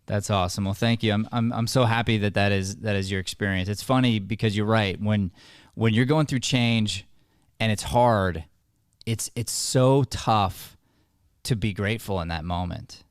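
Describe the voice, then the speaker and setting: A podcast host and acting coach tells stories in an earnest, casual way, repeatedly restarting his sentences. His lowish voice is clear and resonant at a moderate pace, in a dry, studio-quality recording.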